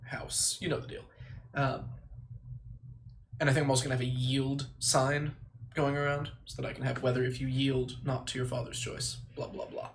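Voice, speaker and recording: A man streaming live, thinking aloud and reciting memorized lines in quick bursts, stopping to correct himself. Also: medium pitch, slight background noise. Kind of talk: casual livestream chat, reciting lines from memory.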